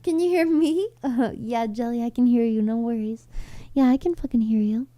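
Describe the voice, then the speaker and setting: A young woman streamer chatting casually on a live stream, loud and expressive and cursing freely. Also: a little high, moderate pace. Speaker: VTuber streamer.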